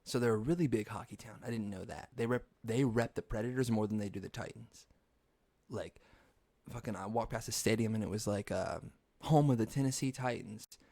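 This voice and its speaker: Young guy podcast host rambling and cursing, lowish voice, dry close mic. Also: fairly quick, mellow, dry recording. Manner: rambling, profane, laughs at his own stories. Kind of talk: casual storytelling monologue.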